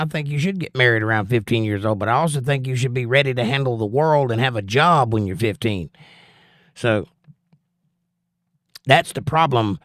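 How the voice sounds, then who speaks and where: A Southern US man hosts a casual livestream, reading out chat messages and answering them with blunt, preachy opinions. His voice sits at an ordinary middle pitch and sounds close and dry, with no room echo. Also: a bit bright.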